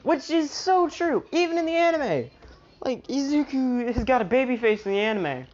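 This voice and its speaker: A woman's voice: high voice, animated, moderate pace, darkish tone, highs cut off. A woman improvising a fan-fiction story aloud, rambling with lots of restarts and fillers. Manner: rambling, full of "you know" and restarts.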